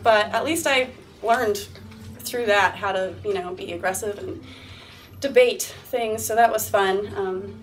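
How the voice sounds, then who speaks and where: A candid young woman in her twenties telling stories to an audience at a university talk, laughing often and acting out what others said. Her voice sits at a middle pitch. She is picked up from some distance, with a faint hum of the room behind her. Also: a little slow. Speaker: guest speaker. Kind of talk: interview-style talk to a live audience.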